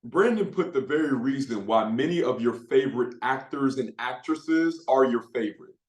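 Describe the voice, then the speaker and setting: A man speaking as a motivational speaker, leading a guided visualization with drawn-out pauses and repeated phrases. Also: medium pitch, lively intonation. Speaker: motivational speaker for insurance agents. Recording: echoey room.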